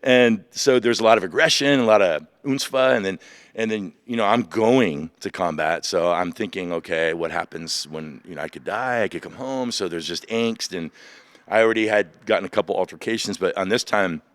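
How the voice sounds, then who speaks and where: A man in his fifties, a veteran guest on a podcast, candidly retelling personal stories in an animated way. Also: deep voice, normal speed, no echo. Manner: animated, vivid retelling of past events.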